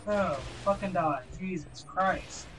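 Speaking slowly in a high-pitched voice, this gaming video creator, a young man, grumbles and curses his way through casual gameplay commentary. The background is noisy, with game music running underneath.

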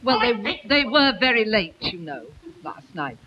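A woman's voice: fairly high pitch, sing-song, unhurried, noisy background. A woman presenting a light entertainment TV programme, chatting and teasing the musicians before reading out birthday greetings in a studio. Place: television studio. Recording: dull lo-fi 1950s TV recording.

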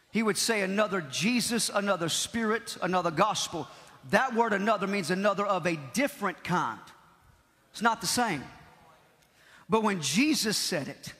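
A man preaching a Pentecostal sermon, impassioned, repeating key phrases and shouting at the peaks. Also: very high-pitched. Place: large church hall. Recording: long hall reverb.

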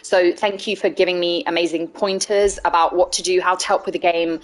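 A woman's voice: lowish voice, steady tone, fairly quick. A young woman chatting casually on a game live stream, playful, laughing often and swearing freely. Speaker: streamer playing a video game.

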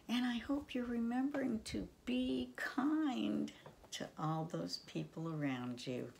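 An older woman reads a picture book aloud to children at an unhurried pace, with her voice swooping all over in a playful sing-song and dropping now and then to soft whispers. Her voice sits fairly low and has a gravelly edge. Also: slight background noise. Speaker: children's storyteller.

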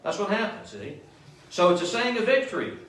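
A man's voice: sits high, big pitch swings, brisk, a bit bright. A male pastor preaching a sermon in a church, often asking the congregation "Amen?" as he goes. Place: church sanctuary. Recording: echoey church room, mic at a distance.

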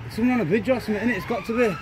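A man's voice: high-pitched, rapid-fire. A man chatting casually in street slang outdoors on a city street. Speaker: filmer's companion. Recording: sirens and traffic outdoors.

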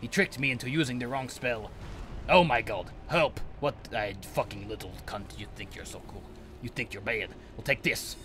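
A man's voice: fairly low pitch, pushed and bright. A man giving angry, profane let's play commentary, ranting at the game. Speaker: gamer.

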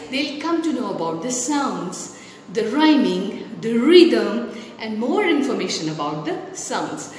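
Slow, high Indian English woman teaching children. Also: very echoey, long reverb tail, slight background noise. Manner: sing-song, coaxing, slow. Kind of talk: children's rhyming lesson.

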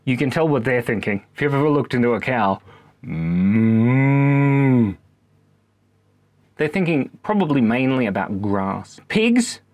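A man's voice: mid-range voice, sing-song, a little fast, hardly any pauses, no echo. A man, rambling playfully in a monologue from a backyard cubby house and slipping into animal noises. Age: 30s. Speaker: vlogger.

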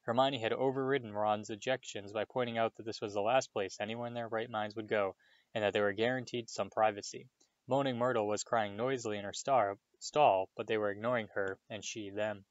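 Give me a man with a low voice narrating a storybook, recorded dry and muffled. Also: fairly quick, no echo. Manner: steady storytelling with character voices. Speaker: reader. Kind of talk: reading a novel aloud.

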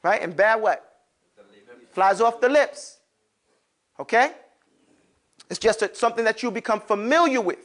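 A man's voice: sits high, unhurried, long pauses. A man teaching Arabic letters to a class, asking questions and calling on students, with casual slang asides. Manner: lively, calls on students, asks and answers his own questions. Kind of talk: classroom lesson.

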